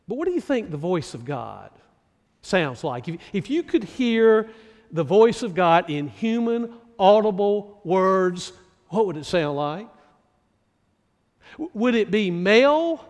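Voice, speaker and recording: A male pastor from North Carolina delivers a sermon at an unhurried, measured pace. His voice sits high for a man, and he leans on rhetorical questions to draw the listener in. A long reverb trails each phrase, as in a large hall. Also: big pitch swings, a little mellow. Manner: slow, deliberate preaching with many rhetorical questions.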